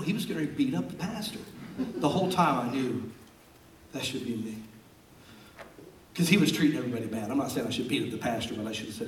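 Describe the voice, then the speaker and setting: Animated preacher in a roomy hall. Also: male voice, medium pitch, brisk, distant mic, slight background noise. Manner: storytelling, swings between loud bursts and hushed asides. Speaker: pastor. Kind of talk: sermon. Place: large church auditorium. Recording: roomy sound from off-mic in a hall.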